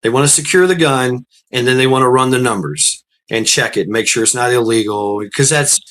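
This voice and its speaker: A man's voice: brisk, a bit bright. A man hosting a casual talk show, telling a long story in a rambling way with many fillers and restarts, laughing often and acting out what others said. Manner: rambling, laughs often, acts out quotes with raised pitch. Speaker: podcast host.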